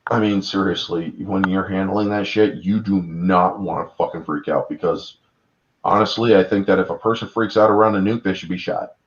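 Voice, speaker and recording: A man in his thirties recounting a monster movie in casual chat, excitable and profane, acting out characters in voices. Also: sits low, moderate pace. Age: 30s. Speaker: podcast panelist. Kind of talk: casual film discussion. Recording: dull lo-fi audio.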